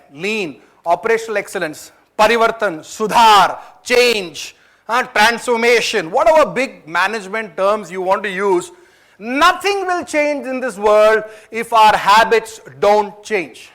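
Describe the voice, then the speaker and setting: A man's voice: high-pitched, a bit bright. A man from India with an Indian English accent, giving a motivational talk at a management training event. He tells a story in a chatty way and asks the audience questions.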